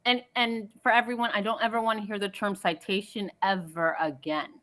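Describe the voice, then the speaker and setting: A woman's voice: medium pitch, steady tone, brisk, fairly bright tone. A woman calling in to a recap show, fired up and scolding as she hands out advice. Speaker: caller. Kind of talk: opinionated call-in commentary.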